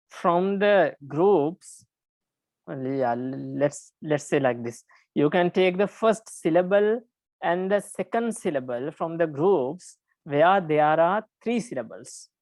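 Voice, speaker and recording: A woman teaching a class on Pali verse metre, explaining slowly with frequent pauses and restarts. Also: on the low side, darkish tone, dry recording. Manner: halting, many fillers and restarts, careful explaining.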